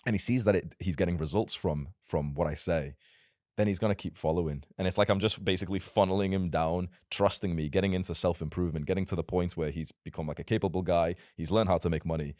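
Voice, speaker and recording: A man's voice: low voice, fast talker, darkish tone, dry recording, studio quality. A young man in casual podcast conversation, talking as a self-improvement creator in a blunt, emphatic and provocative way.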